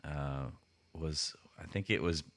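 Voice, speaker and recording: Very deep-voiced man, bright tone. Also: slow pace. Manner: rambling, frequent restarts and fillers. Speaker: podcast co-host. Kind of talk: casual podcast chat.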